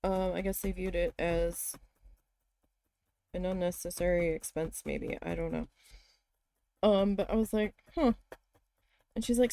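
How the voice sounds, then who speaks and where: A woman's voice: fairly low pitch, steady tone, unhurried, pauses often, dark tone. A woman chatting casually while she works on a craft, telling stories and talking to her cat. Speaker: crafting vlogger.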